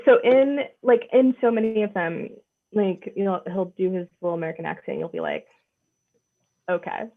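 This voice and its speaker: A woman co-hosting a casual podcast chat, talking in a relaxed, thoughtful way and laughing easily. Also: mid-range voice, brisk. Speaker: podcast co-host. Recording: tinny phone-like line.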